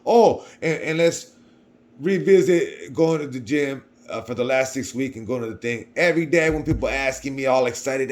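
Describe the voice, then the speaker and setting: A man's voice: medium pitch, expressive, normal speed. A young man telling a personal story to camera in a casual, rambling way, often repeating himself. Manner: rambling, repeats words, swings between quiet and loud. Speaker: vlogger.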